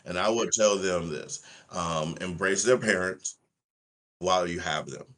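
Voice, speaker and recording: A man's voice: deep voice, measured pace, fairly bright tone. A middle-aged man chatting on a podcast, telling family stories with laughs and many fillers. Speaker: guest, parent. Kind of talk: casual podcast chat.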